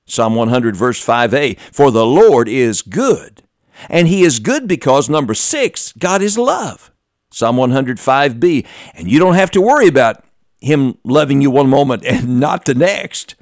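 A man preaching a sermon and telling a story, swinging from loud emphatic lines to quiet, slow, drawn-out phrases and laughing between lines. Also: medium pitch, big pitch swings, no room sound, clean studio sound.

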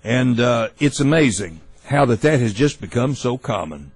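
A man hosting a talk radio show, giving opinionated commentary in a folksy, halting way with many fillers and restarts. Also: medium pitch, animated, breathy edge, no room sound, rough recording.

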